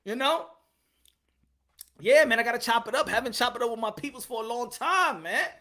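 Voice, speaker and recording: A man hosting a boxing channel livestream, chatting casually in a slangy way, animated and repetitive, reading out his chat. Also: very high voice, brisk.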